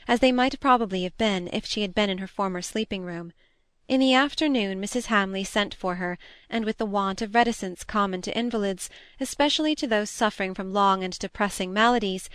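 A woman's voice: mid-range voice, fairly bright tone, clear, resonant tone, dry recording. Woman narrating an audiobook, dry and close. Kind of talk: scripted narration.

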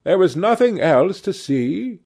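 A man's voice: fairly high pitch, animated, slow, vocal fry, darkish tone, full character voice. A man reading aloud and voicing an earnest, devoted male painter who pleads with his friend. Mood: earnest, pleading.

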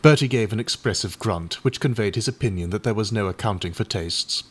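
Low-voiced male audiobook reader. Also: brisk, husky. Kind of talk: scripted narration.

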